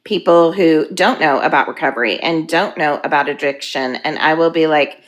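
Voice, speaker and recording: A woman in her fifties candidly sharing her recovery story, earnest and halting, weepy and emotional. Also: sits low. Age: 50s. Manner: earnest, halting, with frequent ums.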